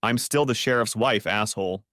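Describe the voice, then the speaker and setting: A man voicing a furious, shrill woman who yells and curses, in a storybook reading. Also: normal speed, no room sound, studio quality. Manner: yelling, cursing, shrill.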